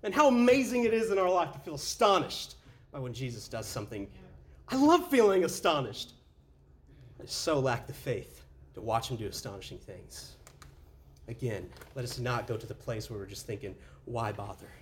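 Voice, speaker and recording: A man's voice: mid-range voice, very animated, moderate pace. A man preaching a casual, conversational sermon as a pastor, often saying "man" and restarting his sentences. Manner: conversational, says "man" a lot, with frequent restarts.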